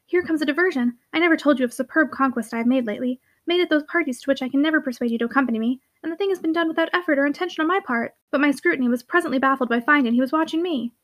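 A woman reading the part of a bold, witty young heiress who teases with lively, quick exclamations. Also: high-pitched, no echo, close to an everyday voice. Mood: teasing.

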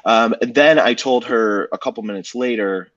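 A man's voice: medium pitch, moderate pace, fairly bright tone. A young man co-hosting a casual podcast, telling a dating story with swearing and acted-out dialogue. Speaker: podcast co-host. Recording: dull lo-fi podcast audio.

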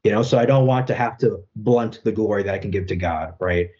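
Through a muffled recording comes a young man, a Catholic apologist, talking earnestly in a thoughtful interview conversation. His voice sits on the low side, fairly quick and mellow, and he keeps adding "you know" and "right?"

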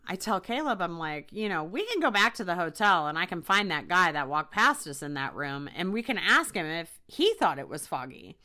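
Young woman podcaster, conversational storyteller, lively pitch, bright tone. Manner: chatty, animated retelling with frequent fillers. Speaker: podcast host. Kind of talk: casual storytelling.

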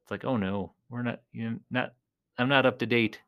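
Speaking a little fast in a steady, medium-pitched, fairly bright voice, a man rambles chattily through his collecting vlog. He performs as a clown persona and talks to his audience as "you guys."

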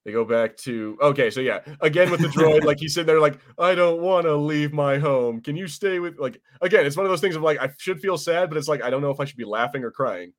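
A man's voice: fairly high pitch, lively intonation, fast talker, hardly any pauses. A man co-hosting a podcast, chatting casually about a TV episode, rambling with lots of fillers and the odd swear word. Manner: rambling, many fillers and restarts, swears freely. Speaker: podcast co-host. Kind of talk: casual chat reviewing a TV episode.

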